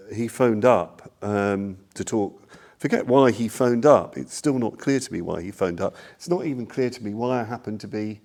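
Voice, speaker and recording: Warm-voiced older man giving a Dharma talk. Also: lowish voice. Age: 60s. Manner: rambling, self-deprecating, many fillers. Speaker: Buddhist teacher.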